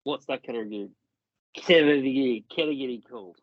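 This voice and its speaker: A man's voice: medium pitch, fairly quick, dry recording. A man co-hosting a casual podcast, rambling and swearing often while laughing easily. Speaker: podcast co-host. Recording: dry, dull lo-fi sound.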